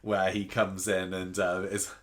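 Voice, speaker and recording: A man's voice: low voice, completely flat delivery, unhurried, a bit bright. A man co-hosting a casual podcast, rambling and thinking aloud with restarts. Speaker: podcast co-host. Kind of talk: casual chat about a TV soap.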